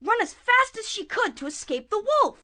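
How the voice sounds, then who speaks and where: A woman narrating a puppet show fairy tale in a playful, expressive way. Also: very high voice, normal speed.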